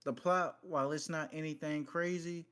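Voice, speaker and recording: A man reviewing a film in a casual podcast chat, laid-back and measured. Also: on the high side, steady tone, fairly bright tone, smooth. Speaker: podcast co-host.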